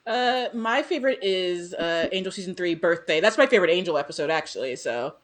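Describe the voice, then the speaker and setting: A woman's voice: on the low side, expressive, brisk. A woman co-hosting a podcast, chatting easily about episodes. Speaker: podcast co-host. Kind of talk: casual chat.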